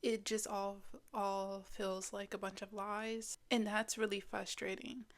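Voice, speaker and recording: Teen girl vlogging, rambly and blunt, lots of restarts, mid pitch. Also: level tone, a little slow. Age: teens. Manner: rambling and candid, with frequent restarts and swearing; slips into a mocking whisper when quoting her inner critic. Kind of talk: casual sit-down talking video.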